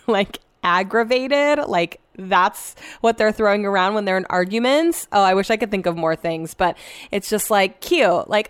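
A young woman rambles to her viewers in a loose, chatty way, peppering everything with filler words and the odd swear. Her voice sits at an ordinary middle pitch. The sound is dry and close, with no room around it. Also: animated, moderate pace, smooth, no room sound. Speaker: vlogger. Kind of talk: casual chat to viewers.

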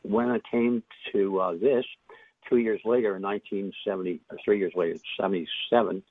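Older male guest, low husky voice, reflective and halting storyteller on a phone line. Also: steady tone. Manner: reflective, halting with many fillers and restarts. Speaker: interview guest, author. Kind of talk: casual storytelling interview.

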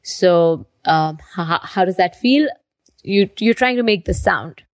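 A woman teaching breathwork, guiding a breathing exercise with calm, slow instructions and counted breaths. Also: lowish voice, no echo.

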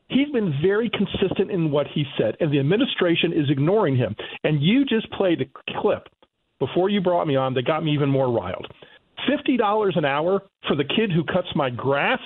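An emphatic man with a high, husky voice, heard over a tinny phone line. He lectures in an indignant, insistent tone as a guest on talk radio. His delivery is forceful and pointed throughout. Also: expressive, a little fast. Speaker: economist guest.

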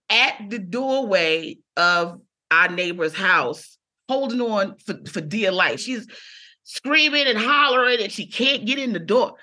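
A female comedian on as a guest spins a story during a relaxed conversation, dramatically performing the voices of those she quotes. Her voice is on the high side with a sharp tone.

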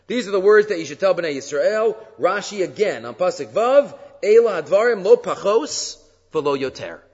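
This rabbi's voice sits high and is a little mellow and slightly rough, animated, at normal speed. In his weekly Torah class he explains sources, reading and translating verses and posing rhetorical questions. Dull lo-fi audio with a long reverb tail.

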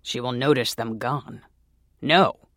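A man's voice: medium pitch, takes it slowly, bright, forceful tone, no echo, clean studio sound. A man voicing a furtive, lecherous older man who hisses in a half-whisper, in a whispered role-play. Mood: angry.

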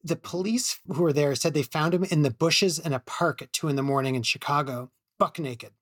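A man's voice: on the high side, a little fast, no room sound, studio quality. Middle-aged man telling a wild story. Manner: animated storyteller, frequent restarts, laughs while telling. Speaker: emergency physician guest. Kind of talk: casual storytelling.

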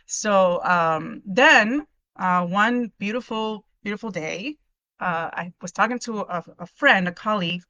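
A woman's voice: mid-range voice, unhurried, sharp tone, no room sound. A middle-aged woman giving an earnest, emotional personal testimony on a live video call, with many restarts. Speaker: podcast host sharing her testimony.

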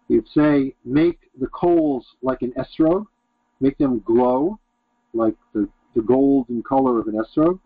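A man's voice: medium pitch, dry recording, phone-quality sound. Brief: male teacher reading and glossing an old text line by line, dry, phone-thin sound. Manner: reads Aramaic phrases then translates them in short bursts. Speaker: Talmud teacher. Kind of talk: reading and explaining a text aloud.

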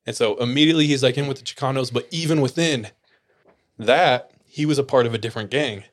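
A man's voice: mid-range voice, quick pace. Laughing, rambling podcast guy. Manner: rambling storytelling, laughs often, lots of filler "like". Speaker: podcast host. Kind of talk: casual chat.

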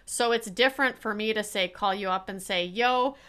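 A woman hosting a casual interview, talking as a coach in an animated way and acting out the voices she quotes. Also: mid-range voice, a little fast, clear, resonant tone. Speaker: podcast host and coach.

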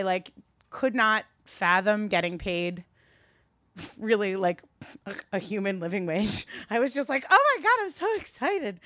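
A woman giving a candid, animated talk to a live audience, swearing freely and rising into a high register when worked up. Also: clean tone, no room sound, studio quality. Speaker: speaker addressing a live audience.

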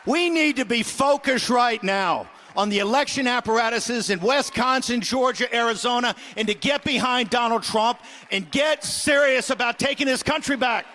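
High-pitched man in a fiery rant. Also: moderate pace, few pauses, slight background noise. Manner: combative, shouting in bursts, mocking impressions. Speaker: political talk show host.

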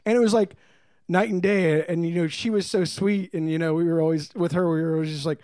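A man with a high voice tells a rambling story on a podcast, giggling and slipping into silly impressions. The sound is dry and close. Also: fairly even intonation, a little fast, darkish tone, no echo. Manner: rambling anecdote, giggling, does goofy impressions. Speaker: podcast guest. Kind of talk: casual chat.

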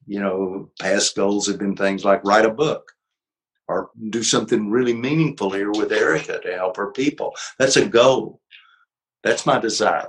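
Low-voiced older man, gently reflective. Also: low-quality recording. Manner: gentle, reflective, laughs easily. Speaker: author and psychologist, guest. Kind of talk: conversational interview.

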